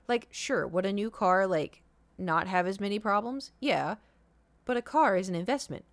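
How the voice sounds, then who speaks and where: A woman's voice: mid-range voice, lively intonation, normal speed, no echo. A young woman streaming live, talking casually and rambling through a story with lots of filler words. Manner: rambling and chatty, with many fillers. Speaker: livestreamer.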